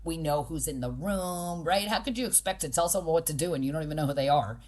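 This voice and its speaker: A woman's voice: deep voice, fast talker, darkish tone. Emphatic woman talking in an interview. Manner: emphatic, acts out quoted people; direct, pragmatic. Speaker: podcast guest, boxing gym owner. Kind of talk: conversational interview.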